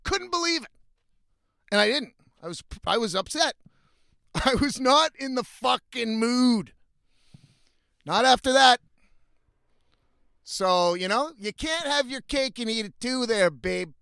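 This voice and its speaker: A man's voice: very high-pitched, lively intonation, slow pace, gravelly, pauses often, pushed and bright, smooth, no room sound, studio quality. A young man telling a story in a casual, blunt and profane rant, often exasperated. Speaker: vlogger.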